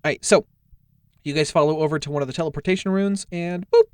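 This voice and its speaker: A man's voice: on the high side, fast talker, clear, resonant tone, no echo. Young man game master, casual and rambling. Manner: casual, filler-heavy, laughing, cursing. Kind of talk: narrating a tabletop game.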